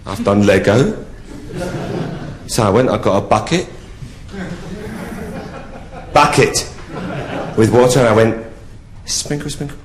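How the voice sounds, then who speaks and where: A man's voice: lowish voice, takes it slowly, long pauses, a crowd in the background. A man doing live drag stand-up comedy, bawdy and camp, laughing at his own jokes on a theatre stage. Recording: echoey theatre with audience ambience.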